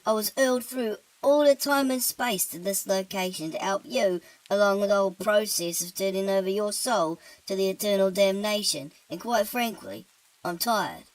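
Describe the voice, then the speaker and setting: A woman's voice: mid-range voice, normal speed, natural voice, low-quality recording. A woman voicing a weary, easygoing male demon with a British accent who talks about his job in a casual, offhand way. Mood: laid-back. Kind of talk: horror-comedy story narration.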